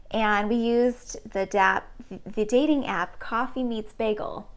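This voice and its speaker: Chatty young woman on a livestream. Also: a little high. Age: late 20s. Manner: chatty, friendly, reads out and answers chat comments. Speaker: pianist streaming live. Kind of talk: casual chat to a live-stream audience.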